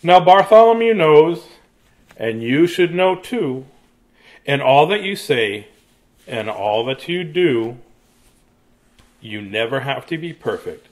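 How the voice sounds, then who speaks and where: Lively man reading a picture book. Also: a little high, slow pace, long pauses. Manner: sing-song, playful, drops to soft hush at endings. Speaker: children's book reader and author.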